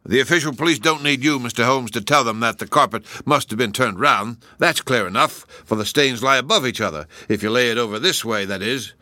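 A man's voice: mid-range voice, brisk, hardly any pauses, bright, forceful tone, no echo, natural voice. A man voicing a brusque, self-important police inspector. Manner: brusque, pompous.

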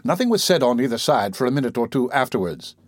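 A man narrating a classic novel in a measured, even storytelling manner. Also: medium pitch, no room sound, studio quality. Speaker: audiobook narrator.

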